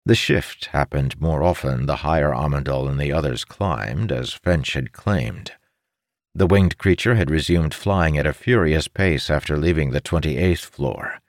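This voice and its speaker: A man narrating a fantasy audiobook in a measured, expressive storytelling manner. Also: rumbling low, dry recording, studio quality.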